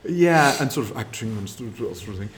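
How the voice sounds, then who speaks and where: A man's voice: mid-range voice, lively intonation, a little fast, a little hiss or hum. A middle-aged man, telling rambling, chatty anecdotes as a guest and laughing at his own tales. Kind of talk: casual anecdote.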